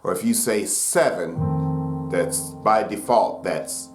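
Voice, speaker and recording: A man's voice: low-pitched, slow pace. Folksy man teaching piano, roomy echo. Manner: relaxed, folksy explaining with frequent fillers. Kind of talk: casual piano lesson. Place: room with piano.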